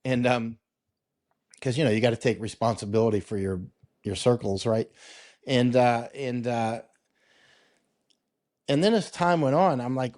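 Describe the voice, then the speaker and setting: A man's voice: medium pitch, normal speed, pauses often, a little mellow. A male war correspondent talking casually as an interview guest over a video call, rambling with restarts, quoting himself and laughing often. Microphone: remote video call.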